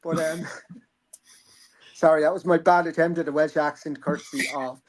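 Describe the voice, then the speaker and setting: A man's voice: on the high side, fairly even intonation, moderate pace. A man, hosting a casual boxing chat, rambling and joking, swearing freely. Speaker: boxing podcast host.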